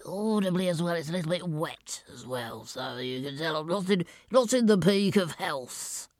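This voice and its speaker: A woman's voice: on the low side, lively intonation, a little mellow, dry recording, clean studio sound, close to an everyday voice. A woman doing a wheezy, pompous portly old man. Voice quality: wet-mouthed, breathy, lisping. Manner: pontificating, slow and thick-throated. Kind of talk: demonstrating a character voice.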